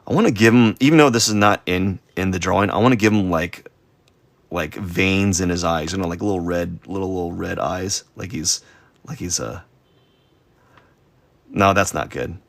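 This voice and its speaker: Low and creaky, this adult man's voice moves at a moderate pace with no room sound. He's a streaming artist who draws while chatting casually, rambling, stuttering and being self-deprecating.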